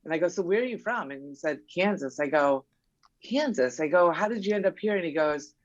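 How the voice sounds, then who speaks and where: A woman's voice: fairly low pitch, expressive, fast talker, dry recording. A middle-aged woman sits in as a podcast guest, telling family stories in an easy chatty way and acting out bits of old conversations. Her voice sounds close and dry. The recording is slightly muffled. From New England. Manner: warm storytelling, acting out remembered dialogue. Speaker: guest, mother of a basketball player. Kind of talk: casual podcast chat.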